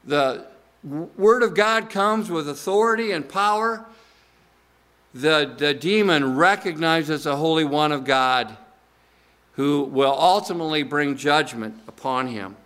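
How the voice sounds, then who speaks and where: A middle-aged man preaching a sermon in an earnest way, slowing down to stress key words and often restarting his sentences. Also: a little high, a bit bright. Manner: earnest, slows down for emphasis, frequent restarts. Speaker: pastor.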